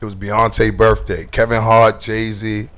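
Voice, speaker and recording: A man DJ on a radio show, telling a story in an excited, emphatic way. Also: fairly low pitch, takes it slowly.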